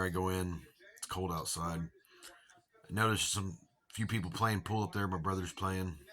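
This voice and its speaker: Low-voiced Southern man telling a rambling story. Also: sharp tone. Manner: rambling, profane, acts out quoted voices. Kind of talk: casual storytelling monologue.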